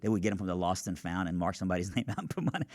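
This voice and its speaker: A man who is a guest on a radio show, telling his personal testimony in an animated, earnest way. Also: low voice. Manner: animated, earnest, quick asides. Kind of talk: storytelling testimony. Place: radio studio.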